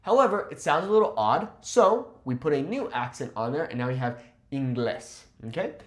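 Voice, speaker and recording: Man teaching a language lesson, animated voice, slightly high, slow careful repeats, checks in with "okay?". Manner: lively, repeats phrases slowly and clearly, often checks with "okay?". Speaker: Spanish teacher. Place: Mexico.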